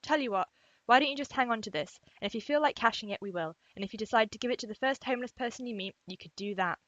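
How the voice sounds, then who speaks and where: A woman's voice: on the high side, quick pace, a bit bright, no room sound, voice pushed up, natural voice. Woman reading out a chill reassuring guy from a book, muffled dry sound. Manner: read aloud from a novel.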